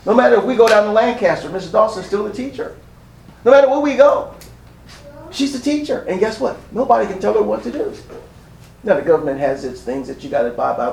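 High-voiced preacher in an echoey church. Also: male voice, vocal fry, darkish tone, distant mic, slight background noise. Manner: preaching with rising emphasis and repetition. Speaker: pastor. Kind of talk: sermon.

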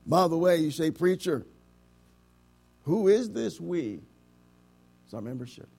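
A pastor preaching a sermon to his congregation, swinging from loud declarations to hushed words and stretching key phrases, with frequent rhetorical questions. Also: fairly high pitch, very animated, unhurried, vocal fry, slightly rough.

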